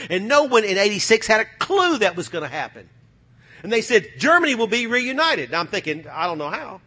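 A middle-aged man from the United States preaching a sermon, fervent, going from loud bursts to hushed asides. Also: high-pitched, breathy edge.

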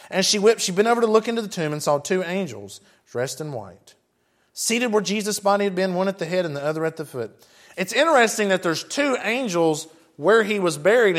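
High-voiced male preacher reading scripture. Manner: conversational, chatty asides while reading scripture.

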